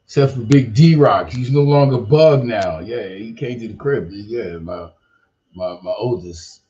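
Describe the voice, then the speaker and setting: A man's voice: on the low side, measured pace, warm tone, muffled recording. An older man hosting a podcast, talking in a loose, rambling, slangy way full of profanity and "you know what I mean.". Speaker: podcast host. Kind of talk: casual livestream chat.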